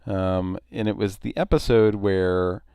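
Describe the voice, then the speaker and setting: A man hosting a casual chat show, rambling and halting with frequent laughs, his voice a little nasal. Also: sits low, fairly even intonation, smooth, dry recording, muffled recording. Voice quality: nasal tonight. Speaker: show host. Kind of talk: casual radio-style chat.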